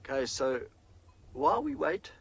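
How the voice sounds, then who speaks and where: A man's voice: fairly high pitch, big pitch swings, moderate pace, fairly bright tone, husky, rough recording. A man working as a safari guide, explaining animal behaviour and answering viewer questions on a live broadcast from outdoors in the bush. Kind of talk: live wildlife broadcast commentary. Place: outdoors on a game drive in the bush.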